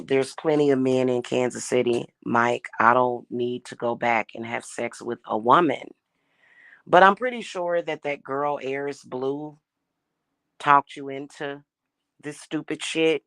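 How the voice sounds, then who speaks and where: A woman's voice: extremely low pitch, dry recording. A young woman venting in an angry, profane rant, blunt and scornful as she talks. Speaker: spiritual reader and vlogger. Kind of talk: angry ranting monologue.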